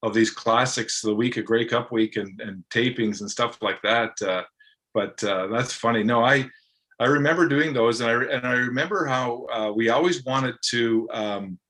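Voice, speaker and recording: A man's voice: mid-range voice, normal speed, fairly bright tone. A man, a guest and former broadcaster, telling fond stories in a loose, rambling way full of fillers. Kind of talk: casual interview chat.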